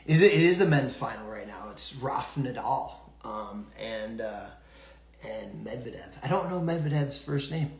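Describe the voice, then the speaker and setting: A man's voice: mid-range voice, lively intonation, normal speed, vocal fry, roomy sound. A man hosting a casual early-morning live stream, rambling and laughing often from a far-off room in a hotel. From United States. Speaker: podcast host.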